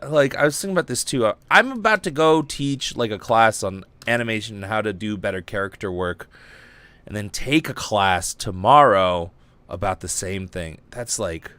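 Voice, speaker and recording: A man's voice: on the high side, fairly bright tone, no echo. A young man hosting a casual livestream podcast, rambling and giddy, lightheaded from fumes, swearing freely. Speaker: podcast host.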